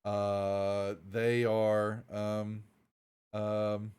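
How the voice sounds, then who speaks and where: A man's voice: lowish voice, little pitch movement, drawn-out words, darkish tone, smooth. A man running a tabletop game on a live stream, rambling and restarting as he talks. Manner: rambling, restarts often, greets viewers. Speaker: game master.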